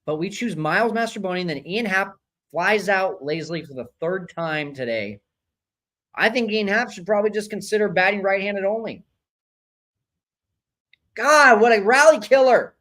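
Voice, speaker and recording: A man's voice: sits high, moderate pace, low-quality recording. Fired-up man hosting a live game watch-along. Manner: excitable, swings from cheering to griping; reads out viewer chat names. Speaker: live stream host reacting to a baseball game.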